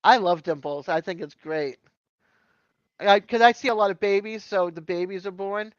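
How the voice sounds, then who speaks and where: High, clear Boston man chatting on stream. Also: moderate pace, no room sound. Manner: chatty, laughs often, reads viewer chat aloud. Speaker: livestream host. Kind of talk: casual chat. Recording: dull lo-fi stream audio.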